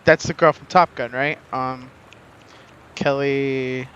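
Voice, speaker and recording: A man's voice: medium pitch, steady tone, slow pace, fairly bright tone, clean tone, highs cut off. A young man casually commenting while he plays a video game, thinking aloud and guessing at names. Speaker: game streamer. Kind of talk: casual let's-play commentary.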